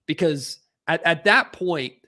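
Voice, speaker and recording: An animated man on a sports talk broadcast, ranting with real emphasis. His voice is bright and forceful, and he gets heated as he argues his case. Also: a little high, slow. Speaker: sports anchor guest. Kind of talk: sports radio discussion.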